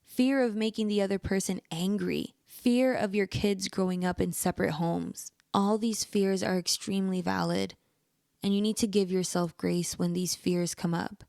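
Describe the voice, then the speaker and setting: A woman's voice: medium pitch, fairly even intonation, normal speed, creaky, a little mellow, no echo, studio quality. A young woman hosting a podcast, earnestly giving relationship advice straight to the listener in an encouraging way. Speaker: podcast host. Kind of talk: personal advice monologue.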